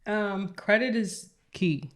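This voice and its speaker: A woman with a voice of middling pitch co-hosts a casual finance podcast. She sounds upbeat and speaks directly to the listeners. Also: slow. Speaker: podcast co-host. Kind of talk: casual business podcast chat.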